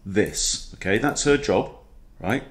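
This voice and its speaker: Man, low pitch, very lively intonation, playful chess commentary. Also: slow. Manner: playful, chatty, throws in silly impressions. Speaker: chess coach. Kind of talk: casual game commentary.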